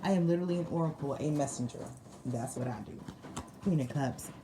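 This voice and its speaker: A woman with a low voice reads tarot for her viewers a little fast, in a relaxed, slangy way. She laughs often and repeats phrases to drive points home, over noticeable background noise.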